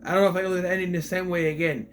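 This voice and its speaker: A man's voice: sits high, flat delivery, very fast, a little hiss or hum. A man giving a casual spoken film review, retelling scenes with incredulous rhetorical questions. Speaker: movie reviewer.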